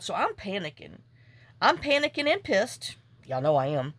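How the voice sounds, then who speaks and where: While working on a papercraft project at home, a woman vlogger tells a story in a chatty, exasperated way, venting saltily. Her mid-range voice has big pitch swings and a moderate pace, with no echo.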